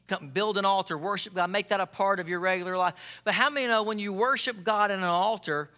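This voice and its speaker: A male pastor preaching a sermon, lively and joking with the congregation, repeating his key phrases. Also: high-pitched.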